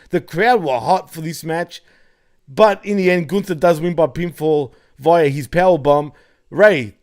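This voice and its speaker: A man with a voice pitched a little above the usual male range hosts a wrestling review show. He cracks up often, swears casually and talks in a loose, excitable flow. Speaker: podcast host.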